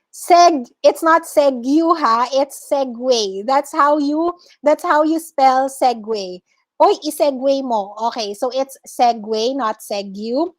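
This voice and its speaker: A Filipino woman teaching an online class, correcting her students' pronunciation word by word and repeating each correct form. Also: high-pitched. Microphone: video call.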